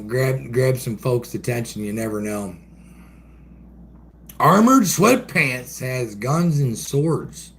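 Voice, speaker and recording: Reading chat on a casual livestream, this man rants profanely in a folksy manner from an outdoor shed with its door left open. His voice is medium-pitched, with a little hiss or hum in the audio.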